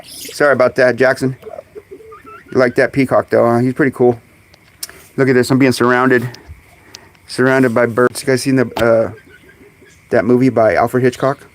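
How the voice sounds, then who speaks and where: A man hosting a casual live stream outdoors among his birds, chatting away and calling to them in high coaxing tones, recorded on a phone. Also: little pitch movement, normal speed, pauses often, slight background noise. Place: outdoors in a bird yard on a sunny day. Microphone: phone camera.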